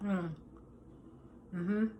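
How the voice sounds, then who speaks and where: A woman vlogger talking casually as she tastes a dish and explains her wine pairing, relaxed and chatty with plenty of fillers. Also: fairly low pitch, very slow, lo-fi sound, a little hiss or hum. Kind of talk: casual tasting talk to camera.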